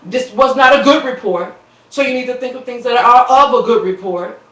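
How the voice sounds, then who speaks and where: A woman delivering an impassioned, preaching-style appeal on a live stream, repeating phrases and quoting scripture, swelling into shouts and dropping soft, recorded on a phone. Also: a little high, moderate pace. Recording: roomy, distant, dull phone recording.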